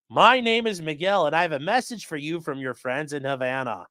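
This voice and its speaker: Animated, profane man hosting a show. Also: fairly high pitch, brisk, no echo, studio quality. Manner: profane, animated, acts out quoted lines. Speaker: host. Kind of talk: casual commentary on news.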